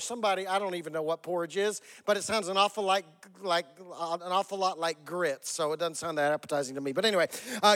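A man's voice: high voice, fast talker, few pauses, a bit bright, big-room sound. A male pastor giving a sermon in a conversational, joking, self-deprecating way.

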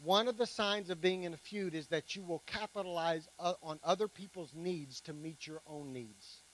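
A man's voice: a little high, moderate pace, a bit bright, rough recording. A man preaching a sermon to his congregation, emphatic, with playful joking asides. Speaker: pastor.

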